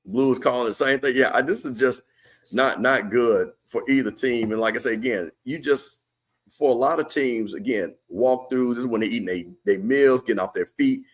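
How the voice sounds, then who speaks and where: A man's voice: mid-range voice, moderate pace. A man hosting a live game watch party and commentating casually, reading viewer comments and using loose, slangy talk. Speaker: watch party stream host. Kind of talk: live sports commentary chat.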